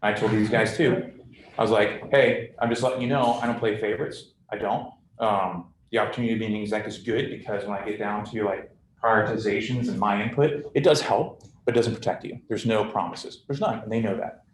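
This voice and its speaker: A man's voice: lowish voice, fairly even intonation, fairly quick, roomy sound, slight background noise, low-quality recording. A man, a squadron commander, talking candidly and bluntly to his officers in a casual, jargon-filled way. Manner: blunt, conversational, full of military jargon and fillers.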